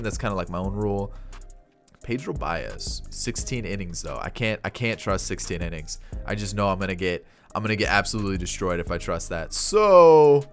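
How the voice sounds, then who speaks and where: A young man talks through his moves in casual gameplay commentary, thinking aloud and stumbling over restarts. His voice sits fairly low, with faint music playing under it. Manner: thinks aloud with frequent restarts, grows exasperated. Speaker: gaming YouTuber.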